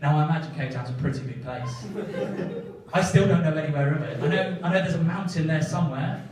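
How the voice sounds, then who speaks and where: Self-mocking young stand-up comedian. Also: male voice, fairly high pitch, fast, crowd noise. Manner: self-deprecating, sweary storytelling. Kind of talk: stand-up set. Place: comedy club stage. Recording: echoey club, mic from far off, audience.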